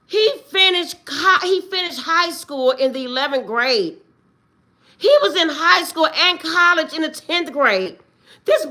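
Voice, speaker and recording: A woman ranting on a livestream, close to tears and swinging between outbursts and quiet prayers. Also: sits high, animated, a little slow. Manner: agitated, swings between shouting and tearful prayer. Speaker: livestream host. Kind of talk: emotional livestream rant.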